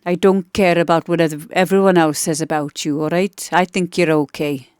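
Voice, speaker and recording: A woman's voice: sits low, fairly even intonation, moderate pace, darkish tone, smooth, no room sound, studio quality, lightly acted. A woman putting on a Welsh accent, playing a mock-reassuring partygoer who teases someone. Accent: Welsh (put on).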